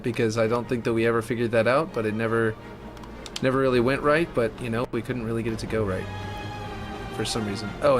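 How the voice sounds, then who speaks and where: A man chatting casually and thinking aloud while he builds a game map, muttering when puzzled. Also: medium pitch. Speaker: map builder streaming his work.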